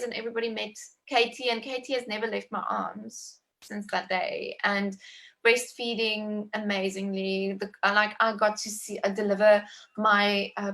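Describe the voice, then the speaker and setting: A woman in her thirties, with a mid-range voice, talks through her own birth story conversationally. The telling is animated and full of feeling, peppered with "likes" and restarts.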